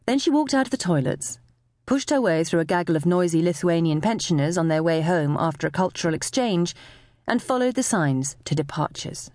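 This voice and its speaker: A woman narrating a novel as an audiobook, with expressive storytelling. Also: fairly low pitch, fairly quick, no echo, clean studio sound. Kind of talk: scripted narration.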